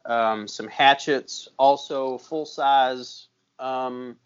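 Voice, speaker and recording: Man, podcast co-host, relaxed rambling chat, lo-fi sound. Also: medium pitch, very slow, clear, resonant tone. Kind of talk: casual chat.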